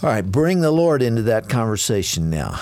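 A man's voice: medium pitch, very animated, fairly quick, a little mellow. A man hosting an interview, conversational, prompting his guest with questions and short agreements. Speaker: radio host. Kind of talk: radio interview.

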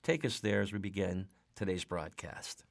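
A man hosting a Christian radio broadcast, guiding his guest with measured, leading questions. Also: low voice, gravelly, no echo, clean studio sound. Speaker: radio show host.

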